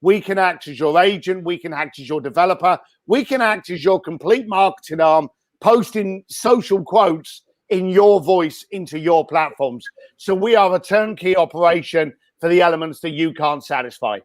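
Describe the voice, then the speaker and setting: A man answering interview questions over a video call in a blunt, energetic way, with many fillers and restarts, his voice a little hoarse. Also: high-pitched, normal speed. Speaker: guest speaker and entrepreneur.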